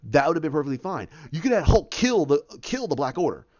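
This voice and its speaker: A man talks on his own podcast in a lively, rambling way, his voice rising and falling a lot and sitting a little high for a man. He jumps into quick voices and sound effects as he goes. The recording sounds dull and lo-fi. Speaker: podcast host. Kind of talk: casual solo podcast commentary.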